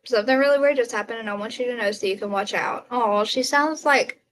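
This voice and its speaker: A woman with a somewhat high voice chats through a casual livestream, talking straight to her viewers. She reads out their comments and reacts with quick gasps and exclamations. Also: fairly bright tone. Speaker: livestream host.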